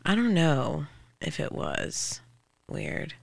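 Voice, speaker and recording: A woman's voice: deep voice, very animated, takes it slowly, gravelly, no echo. A woman hosting a casual show, chatty and loose, laughing often between her remarks. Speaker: host. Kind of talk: casual chat.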